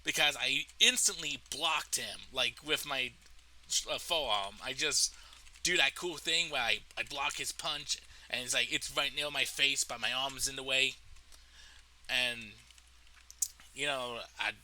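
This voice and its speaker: Guy doing a storytime vlog, super bright sharp voice, swears a lot, animated. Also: mid-range voice, measured pace, slight background noise, low-quality recording. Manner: animated, profane, laughs at his own story. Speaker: storytelling vlogger. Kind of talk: casual storytime monologue.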